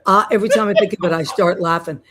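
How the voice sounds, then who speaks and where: A woman's voice: on the low side, steady tone, quick pace, over a noisy crowd. Woman, middle-aged, podcast host, casual rambling chat. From Boston, USA. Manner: chatty, rambling with many restarts.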